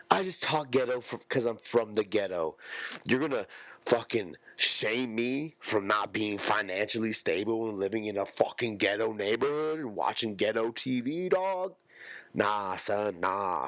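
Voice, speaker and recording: A man's voice: lowish voice, fairly bright tone, dry recording. A man hosting a solo podcast, rambling in profane, slangy street talk. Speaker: podcast host. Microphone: close podcast mic.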